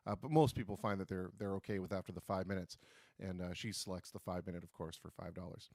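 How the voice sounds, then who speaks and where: A man hosts a live stream, chatting casually and often restarting his sentences as he goes. His voice sits fairly low. The sound is dry and close, with no room around it. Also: steady tone, darkish tone, no echo. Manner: chatty, halting, repeats words when starting. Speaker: host of a live stream show.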